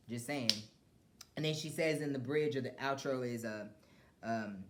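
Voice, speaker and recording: A podcast host venting in a casual, rambling rant full of restarts and profanity. The voice drops to low mutters and then flares into loud, heated outbursts. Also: brisk.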